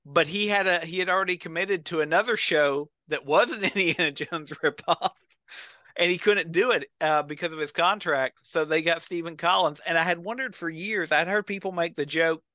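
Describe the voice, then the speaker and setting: A man's voice: a little high, normal speed, sharp tone, no room sound. A man on a podcast, telling a story with enthusiasm and acting out the quotes. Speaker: podcast co-host. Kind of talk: casual chat.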